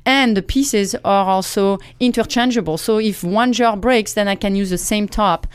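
A woman's voice: mid-range voice, moderate pace, clear, resonant tone. A woman guest being interviewed in a studio, explaining her everyday habits step by step in a practical way. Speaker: guest author. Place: radio studio.

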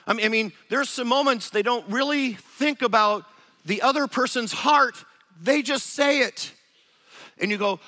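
A man preaching a sermon, animated and acting out quoted voices of spouses. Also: very high-pitched, unhurried. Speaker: pastor.

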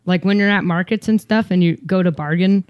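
A woman guest in casual chat, animated and self-mocking, swearing freely. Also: lowish voice, a little fast, clear, resonant tone, no room sound, dull audio.

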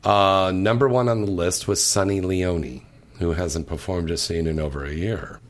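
A man's voice: sits low, steady tone, moderate pace. A man hosting a casual chat show, joking and teasing his guests. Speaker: host.

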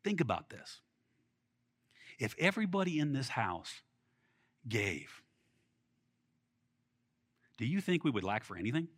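A man preaching a sermon in an animated, conversational way, with bursts of excitement. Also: medium pitch, a little slow, pauses often. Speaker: pastor.

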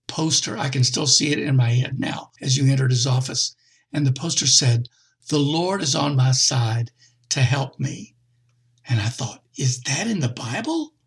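A middle-aged man preaching a conversational sermon, with expressive jumps in pitch. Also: gravelly, breathy edge.

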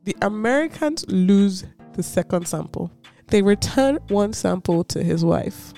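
A woman co-hosting a podcast tells a story in casual, chatty fashion, giggling and laughing often. Her medium-pitched voice is mellow and animated at a measured pace, with faint music in the background.

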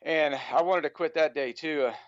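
An American man with a slightly raised pitch and a smooth, clean voice, chatting casually as a podcast guest. He rambles loosely and leans on "you know" between phrases. The audio is dull and lo-fi, as if over a remote call, with a dry, close sound. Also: moderate pace, no room sound. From United States. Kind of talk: casual interview chat.

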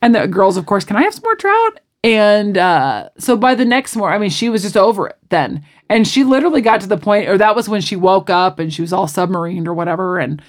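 A woman's voice: mid-range voice, fairly quick, few pauses. A woman co-hosting a podcast, casually and animatedly retelling a movie plot and acting out the quotes. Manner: animated storyteller who acts out quotes. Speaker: podcast co-host. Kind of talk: casual chat recapping a movie.

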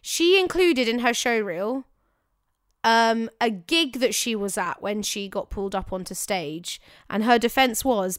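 A woman's voice: a little high, expressive, unhurried, clean tone, no room sound, clean studio sound. A young woman co-hosting a casual talk show, giving acting advice in an emphatic, chatty way that often corrects itself. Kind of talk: casual chat.

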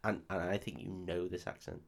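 A man's voice: low voice, fairly quick, creaky. A man co-hosting a podcast, joking around in casual chat. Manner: lively, jokey, mocks accents for laughs. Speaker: podcast co-host.

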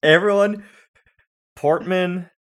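A man's voice: high voice, fairly even intonation, slow, fairly bright tone. A man chatting casually on a movie podcast, telling jokey stories and slipping into put-on voices. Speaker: podcast co-host.

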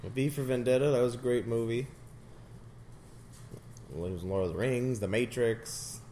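A man's voice: mid-range voice, normal speed, slight background noise. A man chatting casually and joking while watching a movie with a friend. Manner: joking, animated, laughs often.

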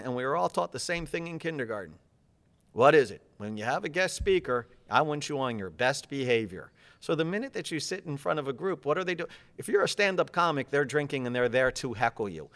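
A man guesting on a podcast, talking about public speaking in an energetic, emphatic, coaching manner. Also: fairly high pitch, fairly quick. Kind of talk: casual interview chat.

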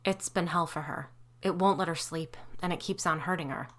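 A woman voicing a calm, protective husband in a measured way. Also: sits low.

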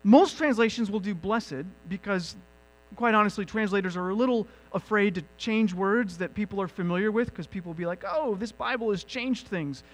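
A male pastor preaching a sermon, teaching with emphatic, animated asides. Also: high-pitched, fairly quick, poor audio. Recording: mains hum in background.

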